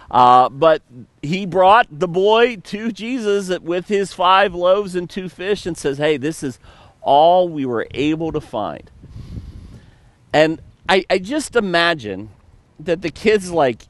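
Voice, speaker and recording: A man's voice: a little high, no room sound. A male pastor preaching a sermon, reading scripture and then retelling it with playful storytelling asides.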